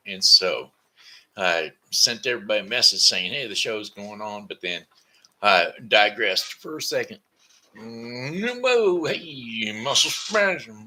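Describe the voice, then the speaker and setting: A man's voice: on the low side, sharp tone. A man hosting a casual live stream, folksy and rambling with sing-song asides. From Missouri. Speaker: host.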